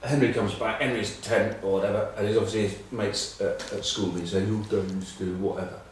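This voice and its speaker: A man's voice: on the low side, steady tone, fairly quick, a little hiss or hum. Rambling English man, echoey and distant. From England. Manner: rambling, self-mocking anecdotes with many ums. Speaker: rugby pundit. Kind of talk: casual chat.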